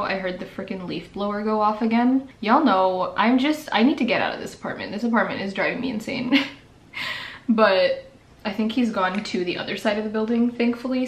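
A young woman chatting casually and playfully through a makeup tutorial in her apartment, laughing often. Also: medium pitch. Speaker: beauty vlogger. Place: apartment room. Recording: echoey room, faint background noise.

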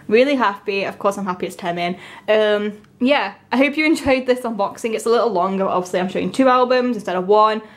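A young woman, chatting casually and gushing with excitement as she unboxes albums. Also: mid-range voice. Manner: gushing, excitable, breaks into gasps and soft whispers.

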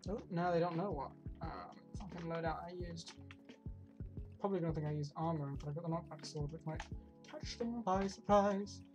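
A woman streaming a video game, reacting out loud, talking to herself and swearing often. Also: lowish voice, moderate pace. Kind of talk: live gameplay commentary. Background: game music.

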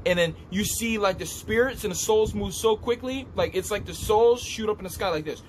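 Guy vlogging about a scary dream, fairly high voice, gets loud and excited, faint hum behind him. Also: a little fast. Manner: animated, repetitive, gestures while describing. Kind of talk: casual storytelling.

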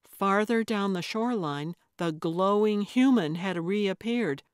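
A woman narrating a cozy mystery audiobook in a calm, measured way. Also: mid-range voice, no room sound, clean studio sound. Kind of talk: scripted narration.

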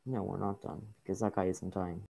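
A man's voice: low-pitched, flat delivery, brisk, creaky, warm tone. A man giving casual gameplay commentary, grumbling and swearing at the game in frustration. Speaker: gaming YouTuber.

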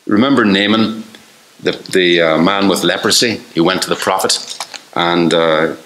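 Irish male pastor, lowish voice, earnest conversational sermon, roomy church-hall echo. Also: fairly bright tone, a little hiss or hum. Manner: earnest, conversational preaching with quick asides.

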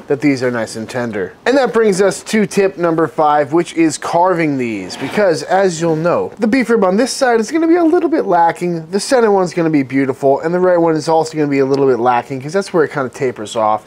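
A man hosting a barbecue cooking tutorial, relaxed and upbeat, often calling the viewers folks. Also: a little high, slight background noise. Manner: savors the food aloud while tasting.

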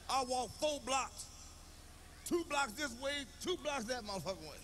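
A man telling a profane stand-up story in short, punchy bursts, breaking into shouted quotes. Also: extremely high pitch, normal speed. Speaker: stand-up comedian. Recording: clear background noise.

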